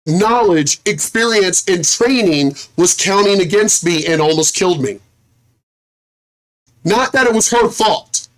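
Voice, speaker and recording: High-voiced, profane man telling a story. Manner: animated, profane, repeats himself. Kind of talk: casual livestream storytelling.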